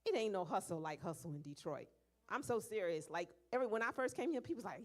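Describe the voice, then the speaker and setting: A young woman speaking at a church leadership meeting, lively and animated, acting out little voices in her stories. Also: medium pitch, fast.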